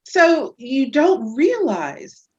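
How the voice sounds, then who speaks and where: A woman chiropractor talking about her patients as a guest on a casual podcast interview, telling stories with lively energy. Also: drawn-out words, dull audio. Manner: lively storyteller who acts out patients in high voices.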